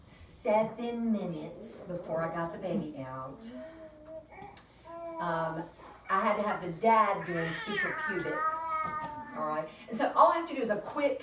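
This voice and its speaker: A woman midwife chattily telling a birth story to colleagues, laughing often as she talks. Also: on the low side. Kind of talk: casual storytelling at a peer review. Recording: roomy, distant and noisy room recording.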